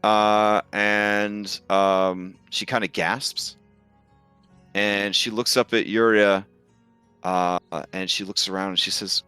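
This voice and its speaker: A man's voice: fairly low pitch, little pitch movement, slow pace, sharp tone, clean tone, no room sound, faint music behind. A man narrating a tabletop game as game master, casual and swearing, with many fillers.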